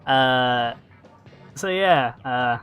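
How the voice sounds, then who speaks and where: A man chatting casually while streaming a video game, rambling and swearing, breaking into laughs and sudden excited yells. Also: mid-range voice, extremely slow, clear, resonant tone, faint music behind. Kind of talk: casual live-stream chat while gaming.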